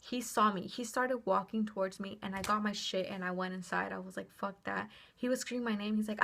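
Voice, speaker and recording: A young woman telling a personal story on her vlog in a chatty, animated way, with lots of "like" and casual swearing. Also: mid-range voice, brisk, gravelly, few pauses.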